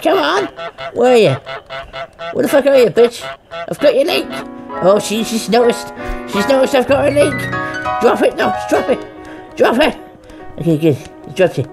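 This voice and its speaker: A woman's voice: on the high side, expressive, normal speed, music in the background. A woman giving let's play commentary, swearing and taunting the game's characters as she speaks as the goose herself. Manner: foul-mouthed, taunting, role-playing as the goose in first person. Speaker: gamer.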